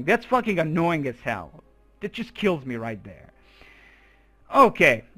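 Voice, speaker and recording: Pushed and bright, pitched fairly high, a young man's voice curses and grumbles in exasperation as he narrates his strategy game play in let's play style.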